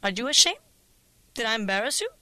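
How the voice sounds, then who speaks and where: A woman's voice: a little high, sing-song, fast talker, no room sound. A woman voicing her elderly Cuban mother, bossy and unflappable, speaking with a Cuban Spanish accent in a storytelling narration. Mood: unbothered. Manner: brash, commanding, shouting orders.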